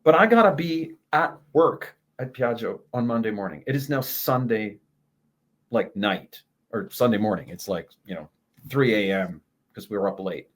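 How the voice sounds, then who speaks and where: Man, fifties, interview guest, animated storyteller, mid-range voice, laughs and curses freely. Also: mid-range voice. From Canada. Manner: lively, animated anecdote-telling with laughs and swearing.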